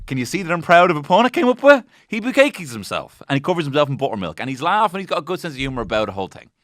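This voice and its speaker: Guy rambling and swearing through a comedy recap, bright voice that jumps all over, dry close sound. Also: fairly high pitch, big pitch swings, very fast, no echo. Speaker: podcast host. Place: podcast studio.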